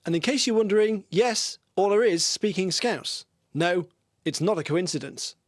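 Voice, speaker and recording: A woman's voice: mid-range voice, lively intonation, normal speed. A woman news reporter narrating a light feature story in a playful, upbeat way.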